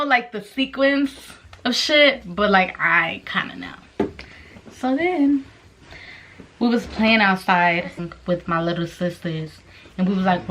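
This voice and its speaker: A young woman vlogger tells a story in a casual video, swearing constantly and performing the voices of the people involved. Her voice sits at medium pitch, with a slight hiss or hum in the recording.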